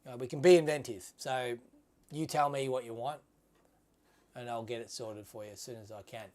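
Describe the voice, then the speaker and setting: A man's voice: mid-range voice, steady tone, normal speed, darkish tone. A man hosting a casual livestream giveaway, talking to viewers in a chatty, upbeat way and calling them mate. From Australia. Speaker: livestream host.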